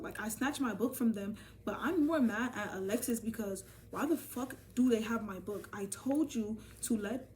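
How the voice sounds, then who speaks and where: Animated young woman telling a story, off-mic. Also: a little high, far from the mic. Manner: animated, profane, addresses viewers as y'all. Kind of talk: casual storytime vlog. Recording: voice from off the mic, faint ambient noise.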